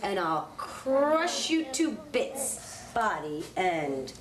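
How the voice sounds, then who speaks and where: A woman reading the lines of a big billy goat threatening a troll in a storybook tale, slow and dropping low on the threats. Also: big pitch swings, crowd noise. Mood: menacing. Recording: echoey classroom on noisy old tape.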